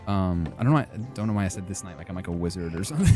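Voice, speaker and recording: Young male streamer, low soft tone, rambling filler-heavy chat, light music underneath. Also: lively intonation, fast. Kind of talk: casual gaming stream chat.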